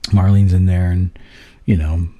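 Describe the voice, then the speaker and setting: A man's voice: deep voice, level tone, a little slow, dark tone. A man co-hosting a podcast, telling a story in casual chat, swearing freely as he retells it. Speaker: podcast co-host.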